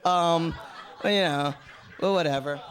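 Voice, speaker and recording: A man's voice: a little high, unhurried, a bit bright. A man doing a stand-up comedy set in an offhand way, with fillers and trailing asides. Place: comedy stage before a live studio audience.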